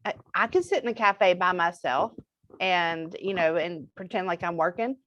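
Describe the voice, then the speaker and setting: A woman's voice: fairly low pitch, normal speed, a bit bright, dry recording, highs cut off. A woman guest in a casual interview, bubbly and encouraging, laughing often as she gives advice.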